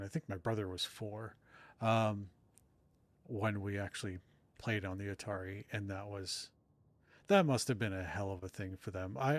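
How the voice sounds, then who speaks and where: A man's voice: fairly low pitch, dry recording. A middle-aged man chatting casually with his live-stream audience while playing, self-deprecating and rambling. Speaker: streamer and author.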